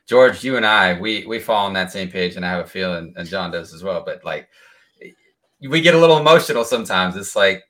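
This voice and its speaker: A man co-hosting a podcast, talking animatedly and breaking into excited exclamations. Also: sits low, fairly quick, few pauses. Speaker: podcast co-host. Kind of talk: casual chat.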